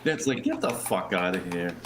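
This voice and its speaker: Low-voiced man in an echoey room. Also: wildly swooping pitch. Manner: halting, agreeing, trails off. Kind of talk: casual chat. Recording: echoey room with faint noise.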